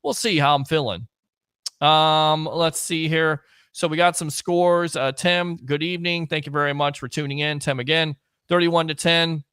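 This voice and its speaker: A man's voice: fairly high pitch, normal speed, clean tone, dry recording. A man hosting a live-streamed sports talk show, chatting with a caller and reading viewer comments. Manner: excitable, shouts catchphrases. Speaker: host.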